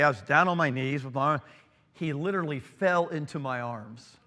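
A middle-aged man preaching a sermon, earnest and emphatic, dropping to a hushed tone when telling a family story. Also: a little high. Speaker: pastor. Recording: long hall reverb.

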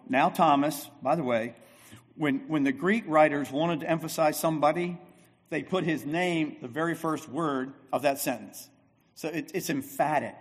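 A man preaching a sermon as pastor, emphatic and repetitive, swinging between loud and soft. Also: on the high side, in a large hall. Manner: emphatic, repeats phrases, shifts loud and soft.

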